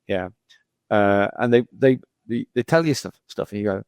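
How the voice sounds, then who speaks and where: A man's voice: on the low side, normal speed, a little mellow, smooth, no echo. A middle-aged male geologist talking casually as a podcast guest, rambling through anecdotes with lots of repeats and "you know".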